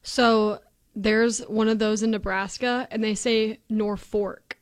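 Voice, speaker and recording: A woman's voice: fairly high pitch, flat delivery, unhurried, clear, resonant tone. A woman joining radio show banter, sharing chatty anecdotes.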